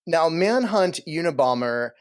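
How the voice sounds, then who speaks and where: A man hosting a casual interview podcast, who encourages his guest with quick affirmations and laughs easily. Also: a little high, animated. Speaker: podcast host.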